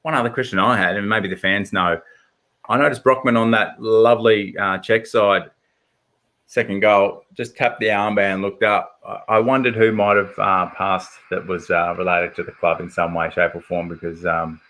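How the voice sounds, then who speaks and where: A man's voice: low voice, flat delivery, moderate pace, fairly bright tone. An Australian man hosting a casual football podcast, chatty and full of fillers and stats. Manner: chatty, stat-heavy, lots of fillers. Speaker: podcast host. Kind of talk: casual footy chat.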